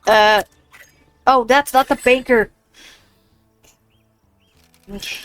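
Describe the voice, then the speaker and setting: A woman talking casually through a video game, with frequent exclamations. She reads on-screen text aloud as she plays. Her voice sits a little high. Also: steady tone, slow, a bit bright, faint music behind, poor audio. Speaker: gamer. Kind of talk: casual gameplay commentary.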